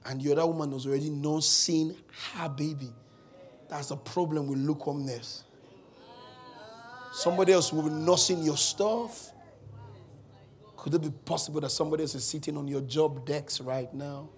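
A man's voice: fairly high pitch, steady tone, moderate pace, pauses often. A man preaching a sermon as pastor, mixing humorous asides with dramatic retellings and bold declarations.

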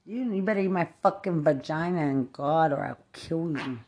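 A woman's voice: sits low, normal speed, hardly any pauses, darkish tone. A woman from Texas, delivering a profane, rambling rant, angry and cursing as she jumps from one thought to the next.

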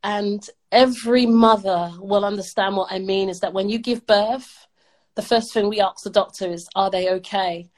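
A woman's voice: mid-range voice, fairly even intonation, normal speed, low-quality recording. A middle-aged woman from the UK, an upbeat podcast guest who talks emphatically in a motivational way and laughs often. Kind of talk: motivational interview talk.

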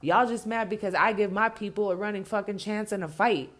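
A woman's voice: mid-range voice, fairly even intonation, a little fast. A woman delivering an impassioned spoken rant, blunt and heavily profane, hammering points home by repeating herself.

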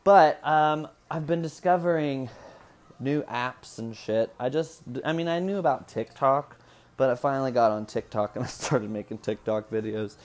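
A man's voice: mid-range voice, moderate pace. A man in his twenties from Indiana, chatting casually to the camera at home. He rambles from one thing to the next, swearing freely and laughing often. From Indiana, USA. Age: 20s. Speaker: vlogger. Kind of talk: casual chat.

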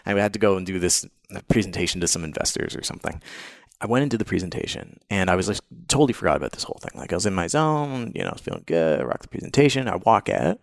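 A man from Canada tells a personal story as a podcast guest in a deep voice with a gravelly edge. He is animated and candid and swears freely. The sound is dry and close, with no room behind him. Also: rapid-fire, no echo. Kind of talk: storytelling in an interview.

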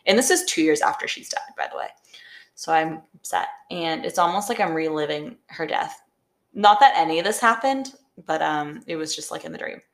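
In this casual podcast chat, a young female co-host spins a long, meandering tale packed with "like." She has a low, creaky voice, sounds animated, and keeps a moderate pace.

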